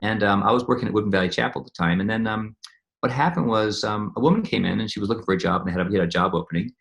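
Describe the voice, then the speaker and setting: Gravelly fast-talking man. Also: on the low side, a bit bright. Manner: rambling storytelling with frequent restarts and repeated words. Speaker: interview guest, medical scientist. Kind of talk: casual conversational interview.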